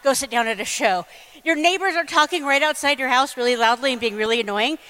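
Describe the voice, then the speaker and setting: A woman giving a fast, comic lightning talk on stage, blunt and irreverent. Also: sits high, bright, forceful tone. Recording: reverberant hall over a PA.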